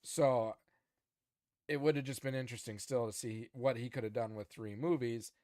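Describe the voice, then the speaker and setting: A man co-hosting a fan podcast in casual chat, getting animated and frustrated, restarting his sentences often. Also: mid-range voice, moderate pace, dry recording, clean studio sound. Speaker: podcast co-host.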